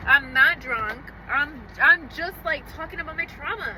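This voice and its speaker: A young woman with a slightly high voice talks straight to her viewers in a blunt, profane storytime style. Traffic and street noise run clearly behind her outdoors. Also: unhurried, hardly any pauses, pushed and bright, poor audio. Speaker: vlogger. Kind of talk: casual storytime vlog.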